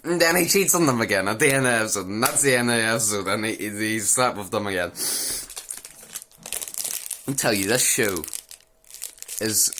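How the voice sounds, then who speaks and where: Slightly fast and pausing often, a man with a lowish, sharp-toned voice rants through an anime episode as a reviewer, amid slight background noise. The young man's casual recap is crude, mocking and rambling, and he keeps repeating phrases.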